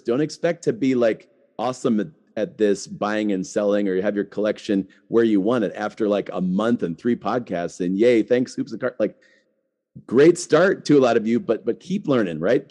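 A man's voice: fairly low pitch, dark tone. A middle-aged man hosting a podcast, talking casually with lots of "like" and restarts. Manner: chatty, full of "like" and restarts. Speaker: podcast host.

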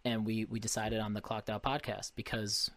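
A man's voice: lowish voice, little pitch movement, normal speed, fairly bright tone, dry recording. A man hosting a casual podcast chat, laid-back and swearing freely while he agrees along. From Portuguese family. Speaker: podcast host.

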